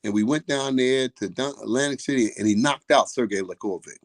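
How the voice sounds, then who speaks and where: A man's voice: mid-range voice, a little fast. An older man, a boxing trainer, telling a profane story and acting out the quoted voices. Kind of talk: casual storytelling.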